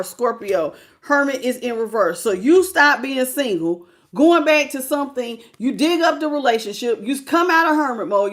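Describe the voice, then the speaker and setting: Blunt high-voiced woman reading tarot. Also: a bit bright. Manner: blunt, storytelling, colloquial, addresses viewers as y'all. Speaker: tarot reader. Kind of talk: casual tarot reading commentary.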